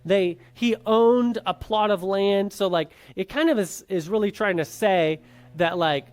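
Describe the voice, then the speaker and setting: A Bible class teacher speaks at an ordinary middle pitch in a loose, conversational way. The talk is full of fillers and quick tag questions. Rhetorical questions go to the class and get answered straight away. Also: darkish tone. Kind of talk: informal classroom lecture.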